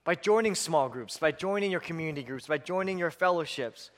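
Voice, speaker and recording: A man's voice: a little high, animated, brisk, big-room sound. A male pastor preaching a sermon, emphatic, building on repeated lists and breaking into chuckles.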